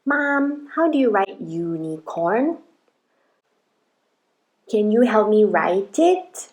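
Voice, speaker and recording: A little kindergartner, as acted by a woman, drags out each letter sound very slowly as she tries to spell words. The voice sits at a middling pitch for a woman, and the child keeps turning to Mom for help. It is a scripted parenting demonstration. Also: sing-song, a little mellow. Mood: asking for help. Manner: slow, drawn-out sounding out of letters.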